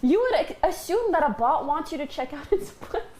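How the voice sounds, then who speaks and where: Animated young woman, laughing often. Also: high-pitched, fairly quick. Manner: animated, laughs a lot, blunt and swearing. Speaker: guest streamer. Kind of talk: casual chat.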